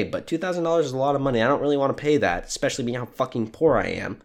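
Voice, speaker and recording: A man's voice: mid-range voice, animated, rapid-fire, vocal fry, hardly any pauses. A young man from Canada ranting crudely and sardonically as a solo podcast host, sleep deprived. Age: young adult. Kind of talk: profane solo rant.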